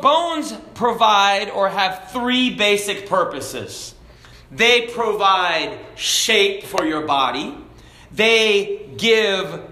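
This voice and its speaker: Slow, bright-voiced preacher. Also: male voice, high-pitched. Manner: slow, deliberate, self-deprecating humor. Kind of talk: sermon. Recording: echoey room.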